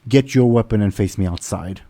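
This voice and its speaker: A man's voice: fairly low pitch, fairly quick, mellow, natural voice. A man voicing a proud, hostile female orc captain in a tabletop game, speaking in a curt, commanding way. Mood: scornful.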